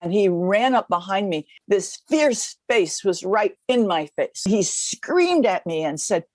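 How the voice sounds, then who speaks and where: A woman's voice: mid-range voice, animated, a little slow, a little mellow, no room sound. An older woman in an archival interview, dramatically retelling what happened to her. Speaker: interviewee recalling her past.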